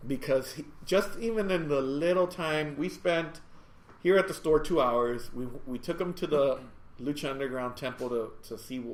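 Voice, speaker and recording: A man hosting a podcast from his store, telling rambling, animated anecdotes in casual chat. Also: a little high, moderate pace. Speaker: podcast host and store owner. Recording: echoey room.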